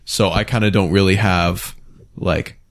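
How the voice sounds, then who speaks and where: Low-voiced joking man. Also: steady tone, a little slow. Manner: loose, joking, filler-heavy. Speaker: co-host. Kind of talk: casual live-stream chat.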